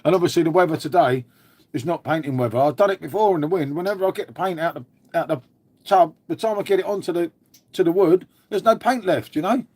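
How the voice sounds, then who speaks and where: A man's voice: a little high, quick pace, darkish tone, no echo. An English man hosting a casual live stream from home, rambling chattily, swearing now and then and answering his chat. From England.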